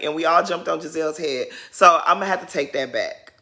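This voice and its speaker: A woman's voice: on the low side, moderate pace, gravelly. Sassy woman ranting about reality TV. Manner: sassy, shady, animated ranting. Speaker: reality TV commentator. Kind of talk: casual reaction commentary.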